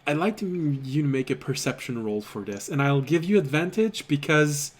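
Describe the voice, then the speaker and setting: A man narrating a tabletop fantasy game as game master, describing scenes deliberately. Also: on the high side, lively intonation. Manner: descriptive, deliberate, occasional trailing restarts.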